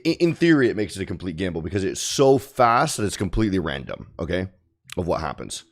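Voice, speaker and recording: A man talking casually and bluntly while he trades live, rambling through his points and swearing now and then. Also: fairly low pitch. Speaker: day trader streamer. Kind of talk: casual trading talk.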